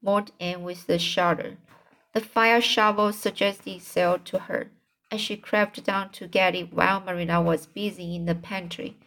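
A woman's voice: lowish voice, fairly even intonation, moderate pace, fairly bright tone. A woman reading a classic novel aloud as an amateur audiobook narrator, with occasional slips and restarts. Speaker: audiobook reader.

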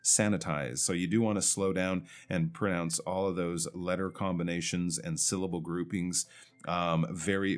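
Man, pronunciation teacher, lowish voice, patient, explanatory, slows down on example words. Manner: patient, explanatory, drawls words slowly to demonstrate. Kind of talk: feedback on listener recordings.

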